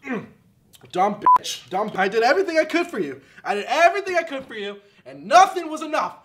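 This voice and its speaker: A comedic TV pitchman, played by a man, rattles through his sales patter at a breakneck clip, tacking "okay?" onto nearly every line. His high voice leaps up and down restlessly. Beneath the hard sell runs a steady current of bitterness about his marriage. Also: fast, slight background noise. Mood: unhinged angry. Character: fast-talking male pitchman unraveling into bitter divorce rants. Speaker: infomercial pitchman. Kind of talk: comedic infomercial parody.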